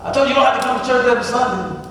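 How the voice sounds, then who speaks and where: A man's voice: very high-pitched, racing, fairly bright tone, slight background noise. Male pastor, rhythmic preaching style, heard from a distance in a reverberant sanctuary with faint background ambience. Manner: rhythmic preaching, talks straight to the congregation. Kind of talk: sermon. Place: church sanctuary. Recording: echoey hall from far off, faint ambience.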